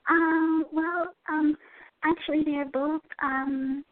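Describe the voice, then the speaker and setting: Woman caller, really high voice, lots of ums, tinny phone line. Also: fairly even intonation, slow, dry recording. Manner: hesitant, many ums. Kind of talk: call-in question.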